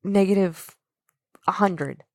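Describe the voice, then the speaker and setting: A woman's voice: mid-range voice, takes it slowly, darkish tone, dry recording, studio quality. A woman co-hosting a casual podcast, bluntly recapping a film and swearing offhandedly. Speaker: podcast co-host. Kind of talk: casual film discussion chat.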